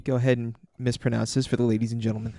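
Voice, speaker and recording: A man's voice: medium pitch, level tone, rapid-fire, creaky, warm tone, no room sound. Wry young man co-hosting a podcast. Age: young adult. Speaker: podcast co-host. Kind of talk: casual chat.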